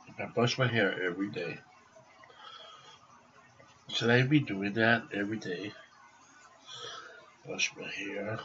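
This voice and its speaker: A man talks slowly in a lowish voice, rambling and repeating himself with plenty of swearing. He vlogs from home by his computer. The recording is dull and lo-fi, with a faint hiss behind him. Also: a bit bright. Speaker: vlogger. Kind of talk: rambling casual vlog.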